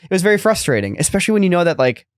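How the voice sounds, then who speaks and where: Rambling podcast co-host, dry close mic. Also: male voice, sits high, very animated, rapid-fire, no echo. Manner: rambling, many fillers and restarts. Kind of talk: casual chat.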